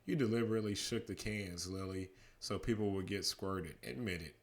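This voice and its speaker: A man's voice: low voice, fairly quick. A sarcastic boy bandmate who loves to tease, read by a man. The voice stays close to a dad's storybook reading, dry and mocking. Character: teasing boy bandmate, joker.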